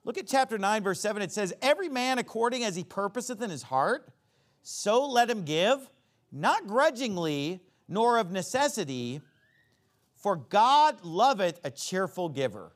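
A man preaches a sermon, reading Bible verses and explaining them in plain everyday language at normal speed. His pitch swings widely, rising high and loud for emphasis and dropping low to explain.

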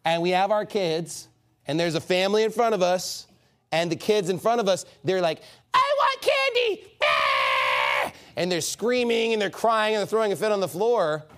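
A man preaching a sermon as pastor, in an animated, mocking and emphatic manner. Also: high voice, brisk, smooth, raised voice.

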